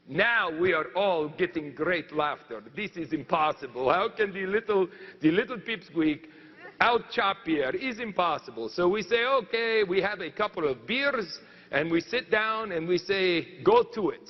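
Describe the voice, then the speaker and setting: A man playing a boastful French lumberjack in a comic monologue, telling a story in a put-on French accent and halting as he searches for words. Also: high-pitched, lively intonation, in a large hall, lo-fi sound. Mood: storytelling.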